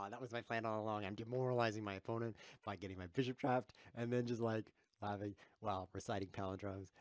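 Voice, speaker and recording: A man streams himself playing chess and talks the whole time, cracking jokes and chuckling as he reads viewers' chat aloud. His voice sits fairly low, and the sound is dry and close with no room around it. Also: steady tone, a little fast, no room sound. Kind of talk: live chess commentary.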